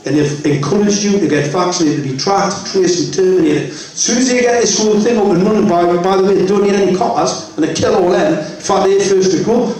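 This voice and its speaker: A man's voice: sits high, a little mellow. A man giving an emphatic public talk at a festival, often checking with the crowd by asking "right?". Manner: anecdotal, retells exchanges with quoted voices. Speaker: festival speaker. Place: festival venue. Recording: echoey hall, mic far off.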